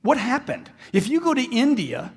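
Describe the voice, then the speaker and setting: High-pitched, animated male motivational speaker. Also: moderate pace, husky. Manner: animated, repeats lines for emphasis and acts out dialogues. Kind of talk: motivational stage speech. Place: large hall with live audience. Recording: long hall reverb from a stage.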